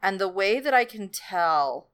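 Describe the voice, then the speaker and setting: A woman's voice: medium pitch, animated, measured pace, a bit bright, clean tone. A young woman chatting casually as a podcast co-host, playful and enthusiastic. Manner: playful, enthusiastic, trails off into laughs. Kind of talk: casual chat.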